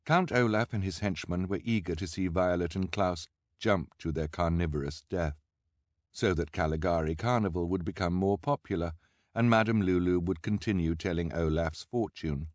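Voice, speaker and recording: A man with a very deep voice reads an audiobook in a wry, measured way, savoring each dry aside. The sound is close and dead, with no room around it. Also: no room sound. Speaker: audiobook narrator. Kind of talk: scripted narration.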